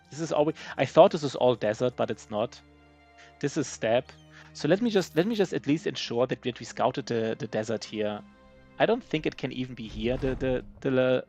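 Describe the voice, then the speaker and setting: A native German speaker with a German accent streams live gameplay commentary in a mid-range, slightly mellow voice. He rambles, mocks himself, and restarts often.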